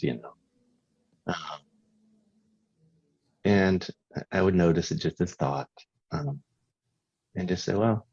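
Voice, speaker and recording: A man with a very deep, husky voice talks things through slowly, pausing and filling gaps with "um" as he reflects. His voice comes through dull, dry video-call audio. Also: a little mellow, no echo. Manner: slow, halting, with frequent pauses and fillers. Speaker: inquiry session participant. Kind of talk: reflective conversation.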